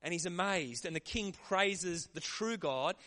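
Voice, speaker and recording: A man preaching a sermon in a lively, conversational way. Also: high-pitched, a little slow. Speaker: pastor.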